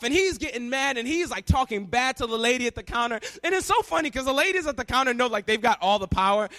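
High, bright-voiced male preacher. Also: fast talker, few pauses. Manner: animated storytelling, acting out characters. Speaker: pastor. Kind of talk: sermon.

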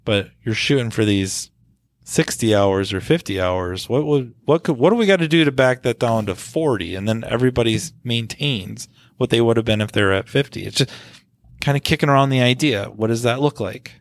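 A man's voice: mid-range voice, expressive, normal speed, no room sound, clean studio sound. A man co-hosting a podcast about the auto repair trade, talking in a loose, rambling way with lots of "you know" fillers. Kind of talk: casual discussion.

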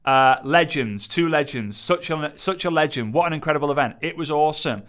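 A man, coaching an audience in an energetic, emphatic way and repeating phrases for effect. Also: fairly high pitch, fairly quick. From Liverpool, England. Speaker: business coach. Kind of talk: motivational teaching to camera.

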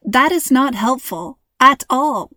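A woman's voice: high voice, lively intonation, slow pace, pushed and bright, no room sound, clean studio sound, voice pushed up, exaggerated voice. A woman voicing a wry, impatient teenage girl in a storybook reading, with a sarcastic, teasing manner.

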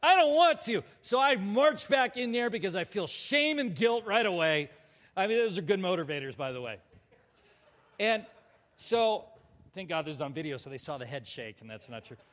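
A man preaching a personal testimony, animated and self-mocking, acting out his own lines. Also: sits high, normal speed. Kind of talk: storytelling sermon. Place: large hall before a live audience. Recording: long reverb of a large hall.

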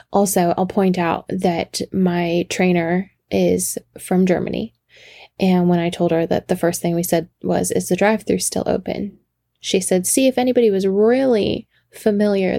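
A woman's voice: on the low side, gravelly, warm tone, dry recording, studio quality. A woman in her thirties, a podcast host, telling a rambling casual story and interrupting herself with asides. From Washington state.

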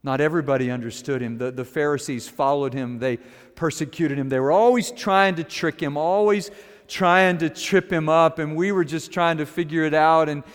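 A man preaching a dramatic first-person sermon, telling the story in character and moving from hushed to loud, animated delivery. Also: fairly high pitch, moderate pace, smooth, big-room sound. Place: room with an audience.

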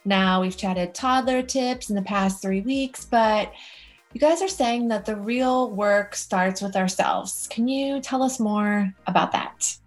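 A woman co-hosting a podcast, putting a measured, inviting question to her guests. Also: mid-range voice, soft background music. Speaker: podcast co-host. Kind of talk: casual podcast interview.

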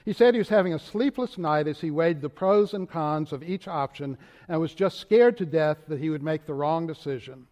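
An older man with a Southern Richmond accent, delivering a sermon from the pulpit in a measured, deliberate way. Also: fairly high pitch, darkish tone. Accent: Southern US, Richmond Virginia. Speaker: moderator of denomination preaching. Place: large church sanctuary. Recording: long church reverb.

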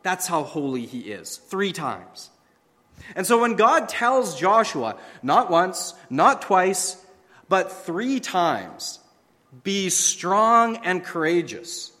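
A man's voice: high voice, big pitch swings, slow, sharp tone. A man preaching a sermon from the pulpit, emphatic and full of rhetorical questions and repetition. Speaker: pastor. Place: church sanctuary. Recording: long hall reverb.

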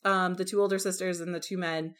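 Animated woman chatting about a book. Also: lowish voice, a little fast. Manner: animated, acts out characters' lines. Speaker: podcast co-host. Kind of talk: casual book discussion.

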